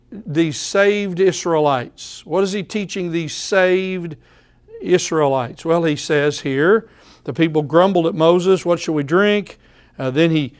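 Man preaching a slow, deliberate sermon. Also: on the high side, clear, resonant tone. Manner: repeats phrases for emphasis. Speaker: pastor.

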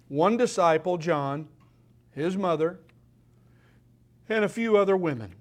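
A man with a high voice preaches a sermon in church. He speaks slowly and emphatically and repeats his key phrases for weight. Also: animated.

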